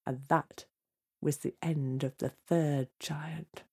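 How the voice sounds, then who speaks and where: A woman storyteller telling a fairy tale to children, lively and dramatic, dropping to hushed tones for suspense. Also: deep voice, slow pace, slightly rough.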